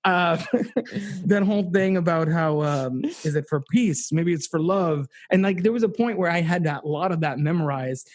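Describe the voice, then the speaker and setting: Man, casual movie podcast, fairly high voice, dry close sound, animated, swears. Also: normal speed, no room sound. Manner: animated, swears, lots of restarts. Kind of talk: casual podcast chat about a film.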